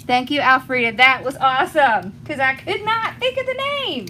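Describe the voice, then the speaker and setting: A woman's voice: high-pitched, lively intonation, normal speed, hardly any pauses, noisy background. A middle-aged woman with a Southern accent from rural Georgia, chatting with viewers as she demonstrates a craft, laughing often and thanking people by name. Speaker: craft tutorial host.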